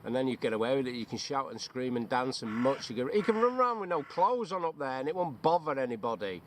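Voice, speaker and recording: A man's voice: big pitch swings, quick pace, a little hiss or hum. A man with a Runcorn accent, a veteran joking and swearing freely in casual banter outdoors in the woods. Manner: joking, swears freely, bursts into high silly chants. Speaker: bushcraft veteran. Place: outdoors in woodland.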